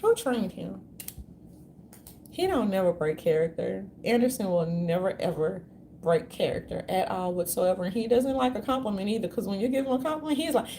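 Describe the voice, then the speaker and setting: A woman's voice: medium pitch, expressive, brisk, mellow, slight background noise. A woman vlogger ranting in a meandering, profane, slangy way. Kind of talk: rambling casual rant.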